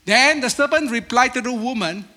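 A high, bright male voice preaching with an Asian accent, animated and emphatic. He acts out the voices he quotes with sharp bursts of emphasis. The sound rings through a large hall with long reverb. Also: normal speed. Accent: Asian-accented English. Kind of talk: sermon.

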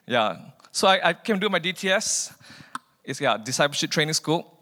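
A man telling his personal faith testimony in an animated way, acting out the dialogue in his story. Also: a little high, fairly quick, in a large hall. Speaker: speaker sharing testimony.

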